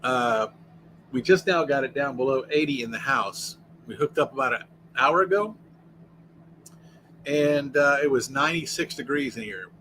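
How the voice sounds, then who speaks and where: A man's voice: medium pitch, moderate pace, sharp tone, slight background noise, poor audio. An American man hosting a casual livestream from inside his RV, rambling and answering the chat as he goes. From United States. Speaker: livestream host.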